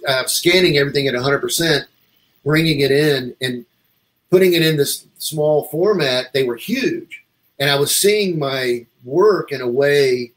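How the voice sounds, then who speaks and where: In poor audio, a man with a mid-range voice rambles through a lengthy story during a casual interview. He's a comic artist guest, animated throughout, acting out the things others said to him.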